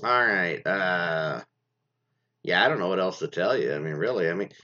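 Low-voiced male host, casual rambling chat, lots of fillers, lively pitch, dull lo-fi recording. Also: moderate pace. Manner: rambling, many fillers and restarts. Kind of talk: casual commentary on reader stories. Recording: dull lo-fi sound.

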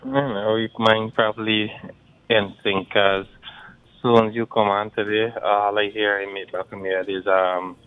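This caller has a Guyanese accent and a fairly low, level voice with a clean tone, speaking at normal speed over a tinny phone line. It's a casual call-in chat, and he talks bluntly, rambling in creole-tinged phrasing.

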